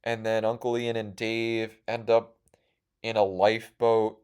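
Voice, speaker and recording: Young male podcast host, rambling profane storyteller, excitable. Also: on the low side, unhurried, smooth.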